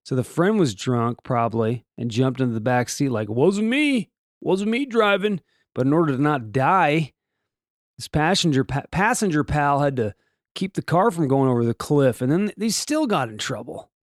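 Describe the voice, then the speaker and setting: A man's voice: medium pitch, lively intonation, normal speed, no echo, studio quality. A man hosting a show, reading offbeat news stories in a comedic way and breaking off for joking asides and rhetorical questions. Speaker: host.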